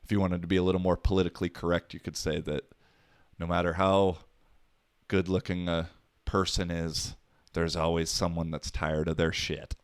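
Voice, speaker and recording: Low-voiced man ranting casually, dry sound. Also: flat delivery, moderate pace, smooth, dry recording. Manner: rambling, profane and wisecracking. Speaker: podcast host. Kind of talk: casual solo podcast monologue.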